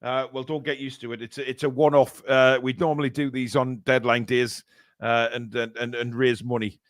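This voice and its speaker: A man's voice: medium pitch, level tone, moderate pace. A man hosting a fan live stream. He reads out donations in casual, joking chat full of fillers. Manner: rambling, joking, many fillers.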